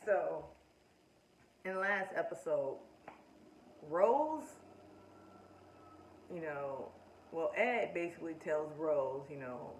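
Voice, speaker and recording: A woman's voice: low voice, expressive, slow pace, long pauses, a little hiss or hum. A woman talking casually and with strong opinions as she reviews a show, speaking straight to her viewers. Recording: echoey room, distant mic, faint ambience.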